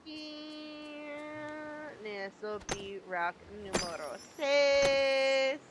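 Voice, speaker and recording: A woman's voice: high voice, very slow, noisy background. A woman streaming a game, chatting casually with her viewers while she plays. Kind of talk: casual gameplay commentary.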